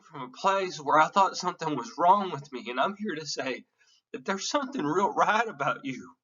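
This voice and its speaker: A man's voice: on the high side, animated, moderate pace, bright, forceful tone, breathy edge, recorded from a distance, lo-fi sound. A man giving an emotional, earnest classroom lecture, candid and sometimes swearing. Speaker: teacher.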